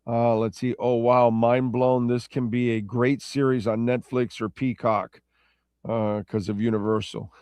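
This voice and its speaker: A radio host with a medium-pitched, darkish, smooth voice speaks flatly at a measured pace, recorded dry in studio quality. He rambles loosely through listener comments on his casual talk show, chatting away and correcting himself as he goes.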